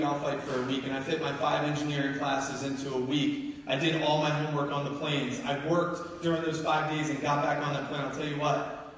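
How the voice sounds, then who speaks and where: A man's voice: a little high, fairly bright tone, slight background noise. A man from New Jersey giving a motivational keynote speech, telling personal stories emphatically to a live audience in a large university hall. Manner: emphatic storytelling, building to urgent peaks. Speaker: keynote speaker. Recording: echoey hall, heard from far off.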